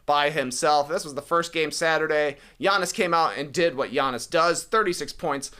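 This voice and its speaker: A man's voice: a little high, sharp tone. An American man co-hosting a sports podcast, casually reviewing games and rattling off statistics. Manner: rattles off stats, quick asides. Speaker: podcast co-host.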